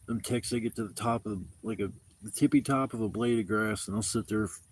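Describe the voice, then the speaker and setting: A man's voice: fairly low pitch, a little fast, darkish tone, breathy edge. Man, outdoor camp livestream, rambling storyteller, lots of swearing, casual. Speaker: camping livestreamer. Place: outdoor campsite.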